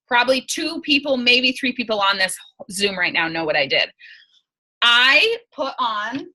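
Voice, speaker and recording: Brief: bright-voiced young woman, team leader, chatty and emphatic, video-call mic. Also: a little high, big pitch swings, unhurried, poor audio. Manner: chatty, emphatic, laughs often. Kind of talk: casual coaching talk on a video call.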